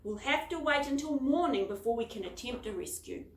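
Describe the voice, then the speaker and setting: Woman voicing a slow, sorry coast guard man. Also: high voice, expressive, pitched above the performer's own voice. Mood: apologetic. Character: apologetic male coast guard officer. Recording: echoey room.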